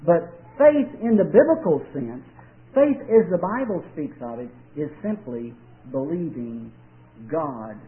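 A male preacher with a fairly high voice, delivering a sermon in a folksy, storytelling way. He drags out key words and leaves long, weighty pauses between them. The sound is thin and tinny, like an old radio broadcast. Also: lively intonation.

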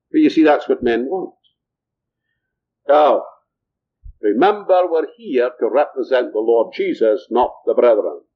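An older man from Scotland preaching a sermon, often asking his listeners rhetorical questions. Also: a little high. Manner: rhetorical, asks the audience questions. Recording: muffled lo-fi recording.

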